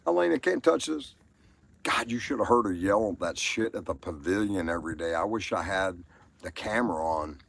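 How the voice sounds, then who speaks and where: Rambling Southern man, low voice. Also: normal speed, fairly bright tone, a little hiss or hum. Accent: Southern American. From Southern United States. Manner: crude, rambling storyteller. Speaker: livestream host. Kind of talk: rambling live-stream chat.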